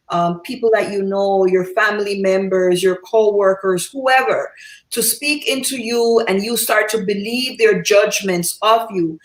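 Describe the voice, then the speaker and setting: A woman's voice: medium pitch, echoey room. A woman moderating a panel, affirming the speakers and then giving firm advice.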